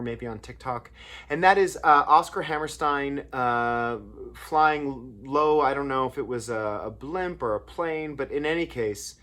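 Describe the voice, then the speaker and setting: A man's voice: mid-range voice, a bit bright. Man musing casually about lyric writing. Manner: anecdotal, rambling with restarts and fillers. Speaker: songwriter and lyricist. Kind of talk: casual talk on songwriting craft.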